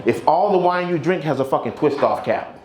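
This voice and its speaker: A man's voice: on the high side, expressive, fairly quick, heavy background noise. A man of fifty doing a stand-up set, with a profane, punchy delivery. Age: 50s. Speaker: stand-up comedian. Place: comedy club stage. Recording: echoey club with crowd.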